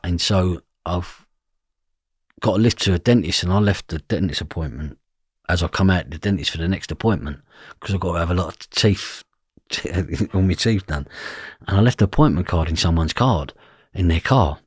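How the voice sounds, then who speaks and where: A man's voice: low voice, moderate pace, breathy edge, dry recording, clean studio sound. A man telling a story from his past, blunt and swearing freely, often asking "do you know what I mean". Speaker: podcast guest. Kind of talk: personal storytelling.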